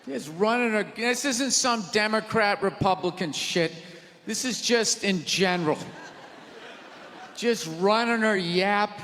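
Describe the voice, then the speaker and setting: A man doing a stand-up comedy set on a theater stage, ranting in a loud, exasperated way. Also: high-pitched, a little slow, slight background noise. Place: large theater stage with live audience. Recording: live theater recording with long reverb and crowd.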